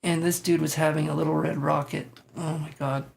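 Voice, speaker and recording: Male tarot stream host, a touch high-pitched, loose joking banter with viewers. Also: flat delivery, fairly quick, gravelly. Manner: joking, laughing, swearing freely. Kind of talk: casual live-stream chat reacting to viewers.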